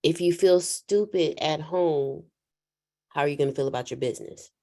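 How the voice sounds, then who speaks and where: A woman hosting a casual faith chat, animated, laughing and telling stories like a preacher. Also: sits low, moderate pace. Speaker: host.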